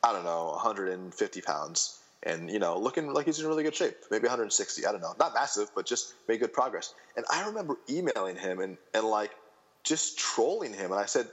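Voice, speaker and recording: A man in his thirties chatting casually as a podcast guest, rambling and animated, with lots of fillers and restarts. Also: lowish voice, fairly quick, breathy edge.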